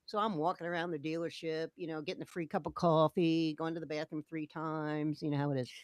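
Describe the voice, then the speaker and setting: A woman's voice: sits low, little pitch movement, brisk, a little mellow, dry recording, clean studio sound. A woman co-hosting a casual chat, telling a story animatedly and acting out the dialogue of the people in it. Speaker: co-host.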